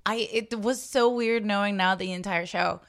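A woman co-hosts a relaxed podcast chat at an ordinary pitch. She talks a lot, trades animated asides and swears without a second thought. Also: normal speed. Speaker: podcast co-host. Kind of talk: casual chat.

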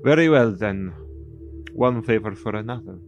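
A man takes the role of a shrewd, formal adventurer who weighs every deal warily. His lowish voice stays stiff and careful, and soft music with a singing bowl plays behind him. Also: expressive, moderate pace, highs cut off. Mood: bargaining. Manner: formal, wary, bargaining. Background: ambient music with singing bowl.

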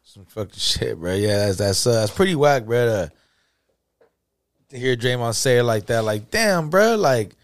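A man's voice: mid-range voice, expressive, moderate pace, no room sound, studio quality. A man co-hosting a casual podcast, telling stories with animation, acting out quotes and saying "bro" constantly. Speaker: podcast co-host. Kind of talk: casual chat. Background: faint music.

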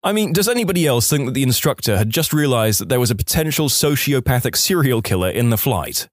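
A man reading out collected stories in a wry, deadpan-leaning narration, with a mid-pitched voice that rises and falls with a lot of life. The sound is dry and close, with no room around it. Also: fast, no room sound. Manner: dry, wry storytelling with quoted dialogue. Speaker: story narrator. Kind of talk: scripted narration of online stories.

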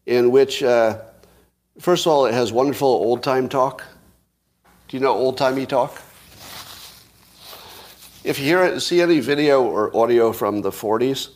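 A man hosting a casual solo commentary, musing aloud, asking rhetorical questions and chuckling to himself. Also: mid-range voice. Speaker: show host commentator.

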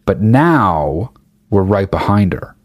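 A young man with a fairly low voice tells a rambling comic story full of swearing and deadpan asides. The recording is dry and close, with no room sound. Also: takes it slowly, no echo. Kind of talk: casual comic anecdote.

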